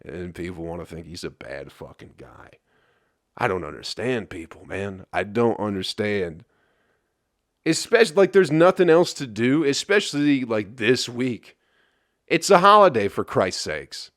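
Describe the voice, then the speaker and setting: Brief: hungover male podcast host from Flint, Michigan, profane exasperated rant, low-pitched, close and dry. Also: big pitch swings, measured pace, no room sound. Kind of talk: solo rambling podcast rant.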